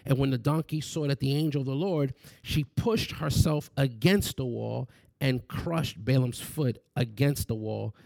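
A man's voice: medium pitch, gravelly, a little mellow, dry recording, clean studio sound. A man preaching a sermon, reading scripture and asking the listeners rhetorical questions. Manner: asks rapid rhetorical questions.

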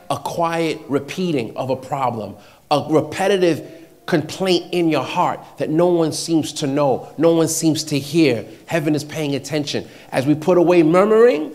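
A man preaching a sermon, repeating short phrases and swinging between loud exhortation and hushed, near-whispered passages. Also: on the high side, lively intonation, unhurried.

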